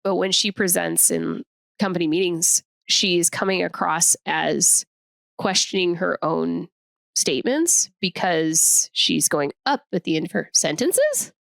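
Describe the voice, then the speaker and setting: Woman, middle-aged, podcast co-host, gravelly, measured advice-giving tone. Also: fairly low pitch, expressive, fairly bright tone, no room sound, studio quality. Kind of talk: casual chat.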